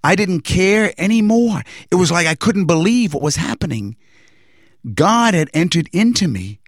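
A man telling a personal religious testimony in an earnest, reflective way, pausing and restarting as he recalls events. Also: fairly high pitch, dry recording, studio quality.

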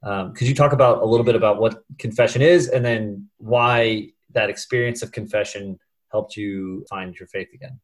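A man with a lowish voice hosts an interview. He asks his guest curious questions and gently draws her out. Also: fairly even intonation, moderate pace. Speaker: host.

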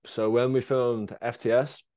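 A man's voice: mid-range voice, level tone, a little slow, mellow, no echo, clean studio sound. A young man in casual chat, telling a long injury story with lots of fillers and swearing. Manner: rambling storyteller, swears a lot, many fillers. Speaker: guest, BMX rider.

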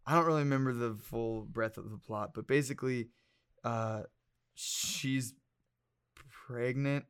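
Animated young man telling a story. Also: medium pitch, a little slow, smooth. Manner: animated storytelling, laughing, profane. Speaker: podcast guest. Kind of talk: casual chat.

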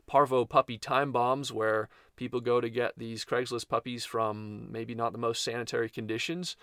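A man co-hosting a casual talk as a veterinarian, giving relaxed, explanatory advice. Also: mid-range voice, moderate pace, clean tone, no echo, clean studio sound. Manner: explanatory, relaxed, laughs easily. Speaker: veterinarian co-host.

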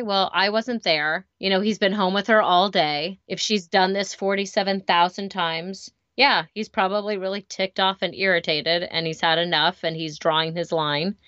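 A woman's voice: lowish voice, a bit bright, clear, resonant tone, no echo, lo-fi sound. A woman in her thirties co-hosting a casual parenting chat, telling stories with lots of fillers. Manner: chatty, storytelling, many fillers. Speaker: podcast co-host.

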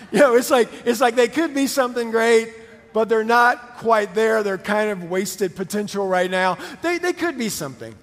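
A middle-aged man preaches in a relaxed, storytelling way, his voice sitting high for a man. He talks like he is chatting with friends, with quick laughs mixed in. The sound carries a long reverb from a large church hall. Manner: conversational, animated storytelling with laughs. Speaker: pastor. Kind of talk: sermon with personal story. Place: church auditorium.

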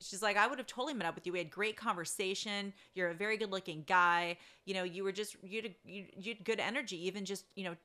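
A woman's voice: mid-range voice, quick pace, few pauses, pushed and bright. A woman casually telling a story to her listeners, laughing often through it, swearing freely and acting out what people said. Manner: acts out quoted speech.

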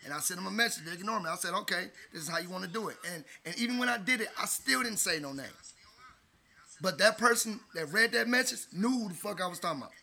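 A man's voice: high-pitched, expressive, quick pace, gravelly, pushed and bright. A man in his forties, a co-host in casual chat, telling stories in a laid-back, slangy way. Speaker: podcast co-host.

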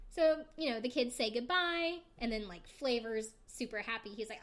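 A woman with a fairly high, expressive voice, speaking at normal speed, hosts a podcast recapping a reality show episode. She's chatty and laughs often, using "like" and "um" a lot.

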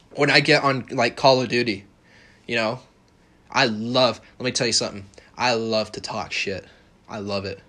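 Brief: young male podcast host, bright forceful tone, profane confrontational rant. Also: medium pitch. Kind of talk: ranting monologue.

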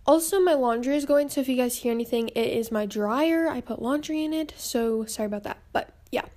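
Young woman, high voice, out of breath, chatty, rambling podcast host. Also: fairly quick, darkish tone. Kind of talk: casual podcast chat. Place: home, indoors.

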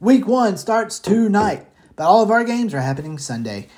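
A man's voice: high-pitched, big pitch swings, moderate pace, a little mellow. Man, football picks host, casual rambling talk, short of breath, swears now and then. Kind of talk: casual sports betting talk.

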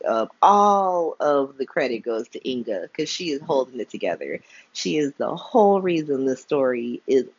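On a dry, slightly dull lo-fi recording, a podcast host with a rumbling low, breathy voice recaps a soap opera. Her style is chatty and slangy, full of laughter and frank opinions.

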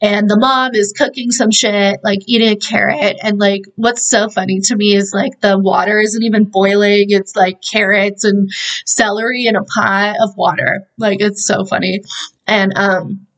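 A woman's voice: mid-range voice, fairly even intonation, moderate pace, poor audio. Chatty young woman recapping a movie. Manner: chatty, profane, heavy use of "like". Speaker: podcast host. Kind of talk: casual movie recap podcast.

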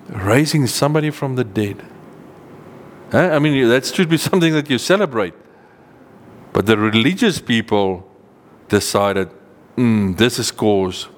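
A man preaching a sermon, reading old-style scripture verses slowly and stressing key words with rising pitch. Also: big-room sound. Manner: earnest, emphatic, rises in pitch on key points, slows to read verses.

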